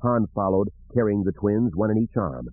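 A man narrating an audiobook in an expressive storytelling manner, with a husky voice. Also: on the low side, normal speed, no room sound. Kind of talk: scripted narration. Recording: narrow phone-like audio.

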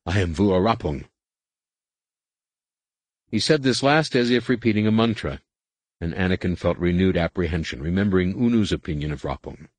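A man narrating an audiobook in a measured, expressive reading. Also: low voice, dry recording. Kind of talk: scripted narration.

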